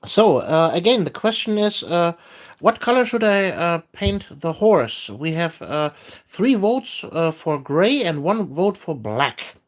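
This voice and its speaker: A woman chatting casually on a livestream while painting miniatures, hesitant and full of filler pauses. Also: fairly low pitch, sing-song.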